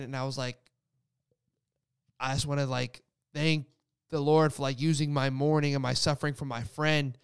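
A man's voice: mid-range voice, vocal fry, clean tone, no room sound, studio quality. A young man casually telling a personal faith story, rambling with lots of "like" fillers. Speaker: guest sharing a faith story. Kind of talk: casual testimony chat.

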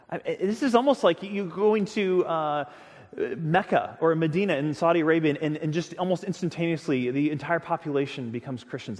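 A man preaching a sermon as a pastor, telling the story with emphatic, expressive delivery and frequent stammered restarts. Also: on the high side. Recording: long hall reverb.

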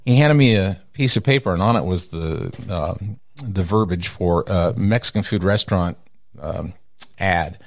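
A middle-aged man from Texas, telling stories as an interview guest and acting out the people he quotes. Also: a little slow. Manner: animated storyteller who acts out quoted people with big pitch jumps. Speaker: radio personality, interview guest. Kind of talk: storytelling in an interview.

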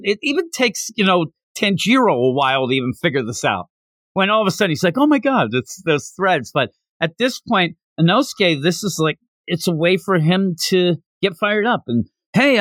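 An animated man hosts a casual chat, with a voice that swings high and low. He sits close to a dry mic. He sits a bit high in his range. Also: no echo. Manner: animated, acting out characters, laughing. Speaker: podcast host.

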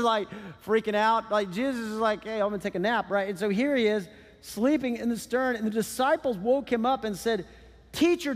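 A middle-aged man preaching a sermon as pastor, animated and conversational with casual asides. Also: high voice. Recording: church hall with long reverb.

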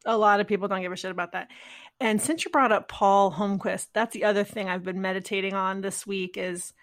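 A woman's voice: mid-range voice, steady tone, brisk, fairly bright tone. A woman co-hosting a podcast in casual conversation, talking in a rambling, reflective way and often trailing off mid-thought. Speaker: podcast co-host.

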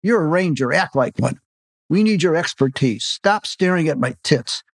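A man's voice: a little high, lively intonation, no room sound, clean studio sound. A man voicing a bold female secret agent. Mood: commanding. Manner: brisk, clipped orders. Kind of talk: audiobook reading.

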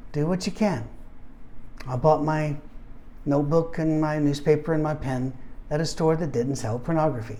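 An older man preaching in a relaxed, conversational way, telling a personal story with self-deprecating humor and acting out the voices he quotes. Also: fairly high pitch.

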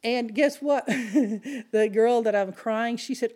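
A middle-aged woman preaching a sermon, telling a personal story in an animated way. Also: a little high, takes it slowly.

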